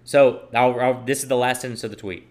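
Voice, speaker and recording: A man's voice: mid-range voice, fairly even intonation, fairly quick, a little mellow. Young male commentator, solo opinion monologue, emphatic, repeats lines for stress, mid-range voice. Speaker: political commentator. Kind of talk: opinion monologue reading tweets aloud.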